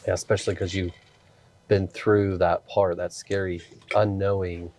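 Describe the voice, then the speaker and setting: Casting: man with a very low voice, relaxed reflective podcast host. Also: moderate pace. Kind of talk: podcast interview.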